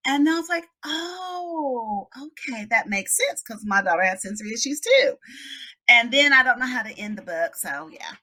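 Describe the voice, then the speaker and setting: A woman author tells a story in a casual interview, her fairly high voice bright and clear. She swoops all over her range, acting out the voices of the people in the story as she goes. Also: very animated, fairly quick. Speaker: children's book author.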